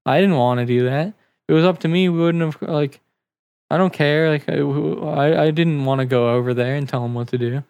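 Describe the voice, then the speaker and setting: An American man trading crude jokes on a podcast. He swears constantly and talks loud and loose. His voice is smooth, and the sound is dry and close. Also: a little high, a little fast, no echo. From United States. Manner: loud, joking, swears a lot. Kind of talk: crude casual banter.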